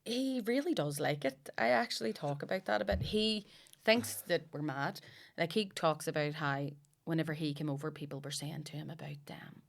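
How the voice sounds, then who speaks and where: A woman's voice: sits low, moderate pace, gravelly, few pauses. A woman with a Northern Irish accent telling stories in casual podcast chat, swearing freely and laughing often.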